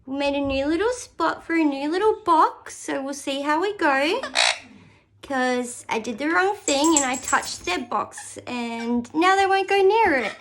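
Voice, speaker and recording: High sing-song woman cooing at parrots. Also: lively intonation, measured pace. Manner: sing-song baby talk. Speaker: pet owner vlogger. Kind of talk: casual chat to a pet bird. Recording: loud background noise with bird squawks. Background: parrots chattering.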